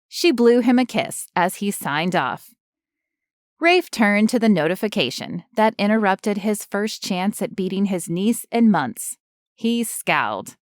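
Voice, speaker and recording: A woman reading an audiobook in measured, even scripted narration on a close studio mic. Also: lowish voice, clear, resonant tone, no echo.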